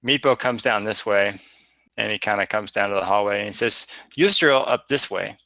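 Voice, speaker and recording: A man's voice: fairly low pitch, fairly even intonation, fairly quick, pushed and bright, no room sound. A man narrating as game master in a tabletop game, describing the scene while pointing around a map.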